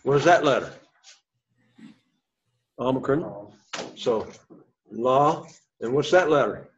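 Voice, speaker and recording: A man's voice: medium pitch, lively intonation, slow pace, a little hiss or hum. A man teaching a classroom lesson, explaining step by step, quizzing the class and encouraging them. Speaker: Greek teacher. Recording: dull lo-fi sound.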